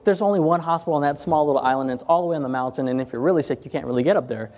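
Racing along in a somewhat high, slightly mellow voice, a man tells stories to a group during an informal health ministry talk in a room with chairs. He keeps repeating and restarting phrases in a conversational way, and the sound has a long hall reverb.

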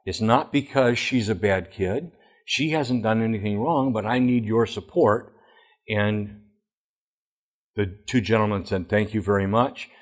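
A man's voice: on the low side, unhurried. A middle-aged man, a former school principal, giving a plain-spoken presentation full of emphatic anecdotes.

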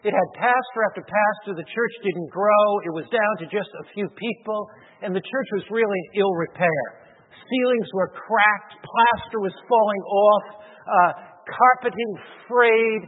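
A man preaching a sermon, telling a story dramatically, swinging from loud peaks to soft low passages. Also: unhurried, slight background noise. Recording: phone-like radio broadcast in a reverberant hall.

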